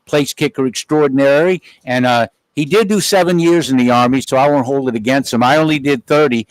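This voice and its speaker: A man's voice: medium pitch, fairly quick, no echo, low-quality recording. A middle-aged man doing play-by-play commentary for a football game, chatty and folksy. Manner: chatty, folksy wrap-up with asides. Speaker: play-by-play announcer. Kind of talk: sports commentary.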